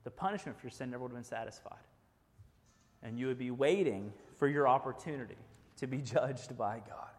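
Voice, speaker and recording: A man's voice: mid-range voice, fairly quick. A man preaching a sermon as pastor, earnest and direct, often checking in with "right?". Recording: long hall reverb.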